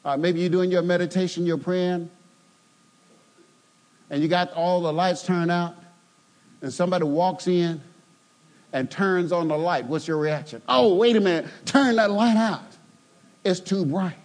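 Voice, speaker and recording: A male preacher delivering a sermon, building from steady exposition to loud, emphatic, fervent peaks. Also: high-pitched.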